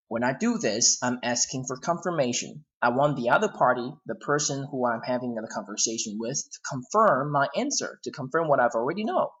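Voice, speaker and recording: A man with a Hong Kong accent gives an English grammar lesson in a classroom style. He explains step by step, often restating himself. His voice moves up and down in a lively, animated way. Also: mid-range voice, normal speed, dull audio. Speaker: English teacher.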